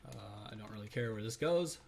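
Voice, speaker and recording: A man's voice: on the low side, lively intonation, fairly quick, creaky, darkish tone, a little hiss or hum. A man hosting a let's play, giving casual gameplay commentary in a rambling, self-correcting way with lots of fillers.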